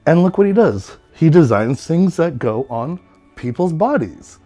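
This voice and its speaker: A man's voice: a little high, big pitch swings, measured pace, mellow. Campy california tattoo guy in his 30s, talks about himself in third person, showy home tour, faint music behind. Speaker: tattoo artist. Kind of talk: playful self-promoting home tour.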